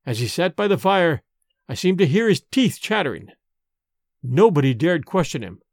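A man narrating a first-person story in a dramatic, expressive way. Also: a little high, normal speed, no room sound. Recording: dry close recording with faint music.

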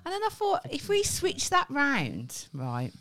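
Teasing, lively woman chatting. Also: sits high, a little slow. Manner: swearing, teasing, laughs a lot. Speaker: podcast co-host. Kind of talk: casual chat.

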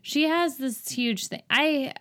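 A woman co-hosting a podcast, recapping a movie scene in a casual, incredulous, animated way. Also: sits high, slow pace. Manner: exasperated, incredulous, animated storytelling. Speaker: podcast co-host.

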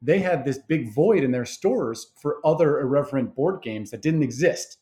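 Man in a business interview, mid pitch, casual and unpolished. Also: expressive, normal speed, darkish tone. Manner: easygoing, many fillers and restarts. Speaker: game creator guest. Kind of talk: conversational interview.

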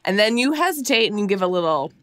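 A woman's voice: medium pitch, big pitch swings, quick pace, a bit bright, no echo. A woman from Minnesota hosts a podcast interview, talking in a chatty, enthusiastic way and laughing easily. Her voice is close and dry, with no room sound around it. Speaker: podcast host. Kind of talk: casual chat interview.

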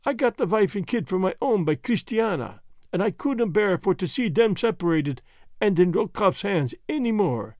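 A man's voice: sits high, very animated, moderate pace, a little mellow, no echo, studio quality. A man voicing a wounded, dying Swedish sailor who speaks weak, broken English in a near whisper. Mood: pleading.

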